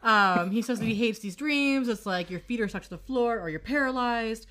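A woman's voice: on the high side, normal speed, fairly bright tone. A woman co-hosting a podcast, casually recapping a TV episode, full of fillers and acting out the characters' lines. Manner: chatty, acts out quoted lines, lots of fillers. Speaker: podcast co-host.

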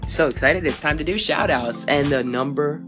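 A man's voice: on the high side, music in the background. A young man hosting a fan podcast in a casual, playful, joking way. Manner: playful, joking, quick asides.

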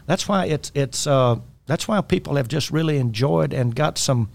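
A man's voice: fairly high pitch, moderate pace, gravelly. Earnest man giving coaching advice. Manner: earnest, exhorting. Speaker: life coach. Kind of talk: faith-based coaching talk.

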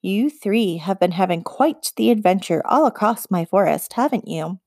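A wry, unhurried shapeshifting witch who rules the forest, read by a woman in an audiobook. She teases and chills in equal measure, voiced dry and close with no room around it. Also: a little high, warm tone, no echo, lightly acted. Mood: cold. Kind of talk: audiobook character voice.

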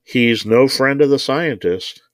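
In an audiobook reading, a man voices a nervous, petulant male bureaucrat, pitching above his own voice while still sounding natural. His medium-pitched delivery is unhurried, and the recording is dry and studio quality.

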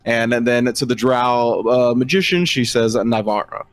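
A man's voice: mid-range voice, normal speed, clear, resonant tone. A young man narrating a tabletop game as game master, casual and full of fillers.

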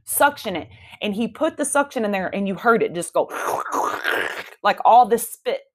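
A woman, telling a personal story in an animated, emphatic way. Her voice sits in a mid range. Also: mid-range voice, a little fast. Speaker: podcast host. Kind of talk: casual storytelling.

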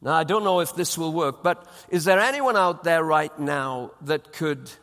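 A man's voice: a little high, normal speed, a bit bright, in a large hall. A man preaching a sermon as pastor, emphatic and repeating his phrases for weight. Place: church auditorium.

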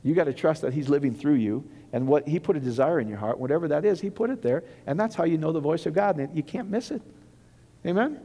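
Middle-aged guy preaching, chatty and animated, kinda high but mellow voice, big echoey church sound. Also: quick pace. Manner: conversational, animated, acts out quoted voices. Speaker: pastor. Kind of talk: sermon. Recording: echoey hall with long reverb.

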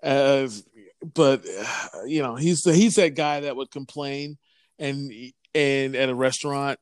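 A man's voice: mid-range voice, slow pace, no echo, studio quality. A man telling a story in a casual chat, rambling with many restarts. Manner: rambling, lots of fillers and restarts.

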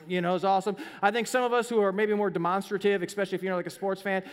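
A man's voice: sits high, quick pace, few pauses, long reverb tail. A middle-aged man preaching a sermon as pastor, speaking conversationally and acting out scenes with voices.

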